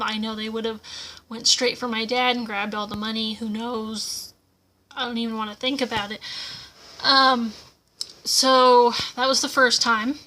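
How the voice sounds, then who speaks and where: A woman's voice: on the high side, level tone, moderate pace, sharp tone. A young woman from the United States telling a personal story to camera at home, casual, with lots of fillers and acted-out quotes. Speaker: vlogger.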